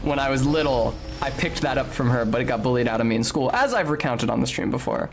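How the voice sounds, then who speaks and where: Over soft background music, a young male streamer talks fast and expressively in a mid-range, gravelly voice. He gives casual yet articulate, slightly academic-sounding commentary on the game he's playing, punctuated by bursts of swearing and yelps.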